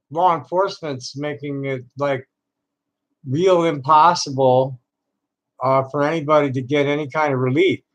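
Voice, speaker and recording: A man talking in a casual voice chat as an invited guest, halting with frequent fillers. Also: a little high, rough recording.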